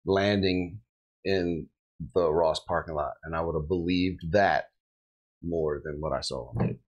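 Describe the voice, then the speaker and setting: Man, middle-aged, lowish voice, police officer, casual podcast storytelling, animated quoting. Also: a little slow, highs cut off. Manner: animated storyteller acting out quotes. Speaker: police officer recounting a shooting.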